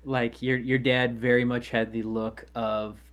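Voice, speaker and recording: A man with a mid-pitched, everyday voice co-hosting a casual podcast chat. He needles his partner with wry, teasing questions. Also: level tone, measured pace, fairly bright tone. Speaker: podcast co-host.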